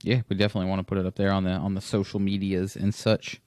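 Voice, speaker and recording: A man co-hosting a podcast in casual chat, rambling and laughing often, with quick restarts. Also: low voice, flat delivery, darkish tone, dry recording, clean studio sound. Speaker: podcast co-host.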